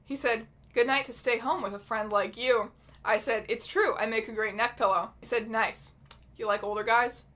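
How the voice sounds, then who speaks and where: A woman hosting her own channel, reading out chat messages in a casual, wry, deadpan way with some swearing. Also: on the high side, moderate pace. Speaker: YouTube host.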